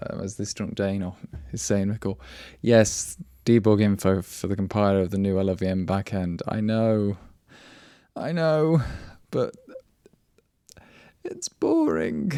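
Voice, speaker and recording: Studio-quality audio with no echo carries a mellow, lowish man's voice hosting a casual programming livestream. His talk is rambling and wry, and he keeps interrupting himself mid-word to restart.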